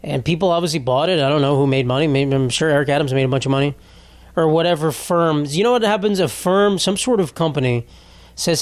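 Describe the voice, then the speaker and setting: A man's voice: a little high, fast talker, no echo. A young man hosting a solo podcast, ranting and rambling with sarcastic, profane jokes and frequent laughs. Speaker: podcast host. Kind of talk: casual solo podcast rant.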